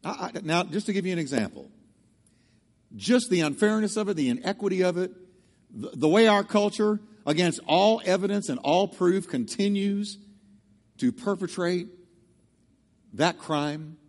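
A man's voice: sits high, expressive, normal speed, pauses often, darkish tone, in a large hall. A male pastor preaching a sermon emphatically, drawing the congregation into call-and-response. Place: church sanctuary.

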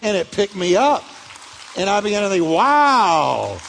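A man's voice: high-pitched, fairly even intonation, a little fast, in a large hall, slight background noise. A male pastor preaching a sermon, telling stories with animation and acting out the voices of the people he quotes.

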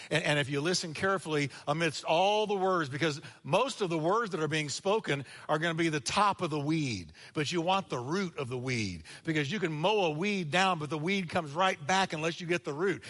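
Bright-voiced preacher in a reverberant church. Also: male voice, on the high side, a little fast, few pauses. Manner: energetic preaching with sudden drops to quiet, acted-out quotes. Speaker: pastor. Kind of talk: sermon. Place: church sanctuary.

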